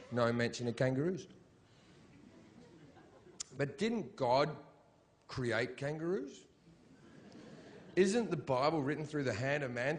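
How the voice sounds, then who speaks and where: A man doing a live stand-up routine on stage, ranting in a profane, sarcastic way. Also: mid-range voice. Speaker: stand-up comedian. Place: live stage show in Britain.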